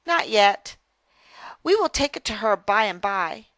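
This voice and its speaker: A woman voicing a kind young farm boy in a primer dialogue, speaking gently. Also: medium pitch, sing-song, measured pace, no echo. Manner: gentle, kindly offering. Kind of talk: reading a primer dialogue aloud.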